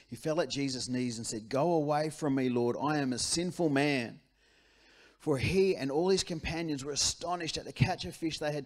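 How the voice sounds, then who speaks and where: Preaching in church, a male pastor with an Australian accent and a voice on the high side keeps things conversational and animated, circling back to repeat key phrases.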